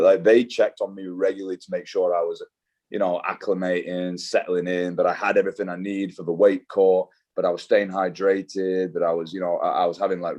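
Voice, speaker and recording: His voice sits low and a little mellow. He's a young British fighter chatting casually as an interview guest, relaxed and slangy, swearing and saying "dude" often.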